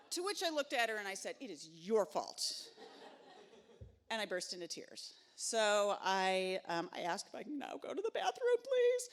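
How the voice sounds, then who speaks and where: A woman telling a personal story live on stage into a microphone, conversational and wry, with many filler sounds. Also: lowish voice.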